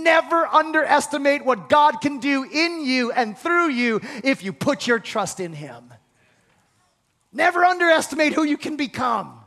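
High-voiced preaching man. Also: in a large hall. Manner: emphatic preaching, swings between hushed and shouted lines; leads the congregation in call-and-response. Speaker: pastor. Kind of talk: sermon.

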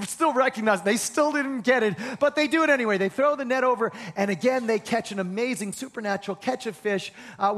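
A man preaching a sermon, animated, repeating key phrases and leading his congregation in call-and-response. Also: very high-pitched.

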